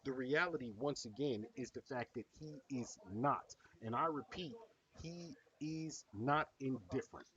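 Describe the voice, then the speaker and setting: A man's voice: medium pitch, unhurried, a bit bright, far from the mic, highs cut off. A man streaming a reaction video, bluntly lecturing and swearing as he picks apart what he watches. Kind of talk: profane reaction commentary.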